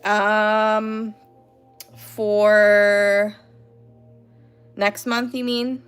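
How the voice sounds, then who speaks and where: A woman's voice: mid-range voice, level tone, very slow, clean tone, soft background music. A woman hosting an art livestream from home, chatting casually with lots of "like" and "you know".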